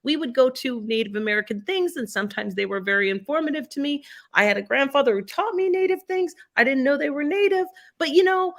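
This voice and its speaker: A woman's voice: sits high, animated, fast talker, few pauses. A woman talking as a writer guest on a podcast, earnest and reflective, speaking from her own experience in casual conversation.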